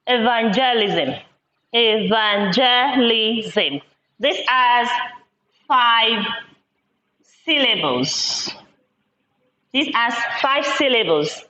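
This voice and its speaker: A woman teacher giving a classroom lesson, speaking slowly and deliberately and repeating words syllable by syllable. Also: on the high side, lively intonation, pushed and bright. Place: classroom with a board. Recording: echoey room, dull lo-fi sound.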